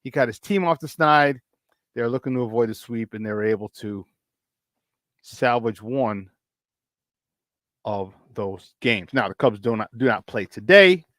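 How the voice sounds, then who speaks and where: A man's voice: medium pitch, expressive, measured pace, pauses often, fairly bright tone, no room sound. A man hosting a casual morning sports talk show, upbeat and chatty, often repeating himself and laughing.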